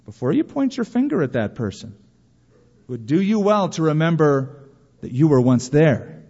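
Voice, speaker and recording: A man preaching a sermon to a congregation, lively and storytelling, acting out imagined complaints in a raised voice. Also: on the high side, moderate pace, slightly rough. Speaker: pastor. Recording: dull lo-fi sound with long reverb of a large hall.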